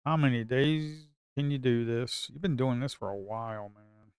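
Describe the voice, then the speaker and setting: A man talks through his trades live, complaining about a stuck market and calling out to his viewers. His voice is smooth and clear at an ordinary pitch. The recording is dry and close. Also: normal speed, dry recording. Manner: grumbling, talks to viewers as folks, sudden excited outbursts. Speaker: day trader streaming live. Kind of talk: casual live market commentary.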